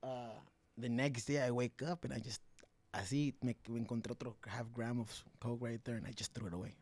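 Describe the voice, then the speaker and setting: A young man talks openly about his past as a podcast guest, in a voice of middling pitch. He swears freely, switches between English and mid-sentence, and keeps his telling lively. The sound is dry and close, with no room around it. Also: a little fast, no room sound. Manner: mixes English and Spanish, swears freely, animated. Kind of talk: casual candid storytelling.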